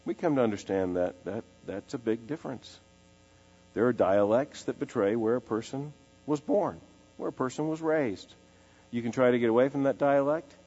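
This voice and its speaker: A man preaching an expository sermon, emphatic, repeating phrases and slowing down to give them weight. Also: mid-range voice, dark tone. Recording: dull lo-fi sound in a large reverberant hall with faint music.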